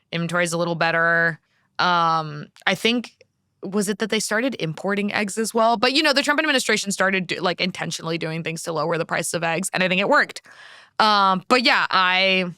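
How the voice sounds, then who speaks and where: Woman, bright crisp voice, measured, hedging, podcast chat. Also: medium pitch, no echo, clean studio sound. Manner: measured, hedges with "I think". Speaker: podcast co-host. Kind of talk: casual political podcast chat.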